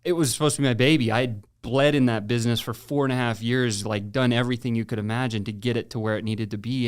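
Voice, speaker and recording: A middle-aged man on a podcast, telling his story in a casual, animated way, with slang and frequent restarts. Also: mid-range voice, smooth.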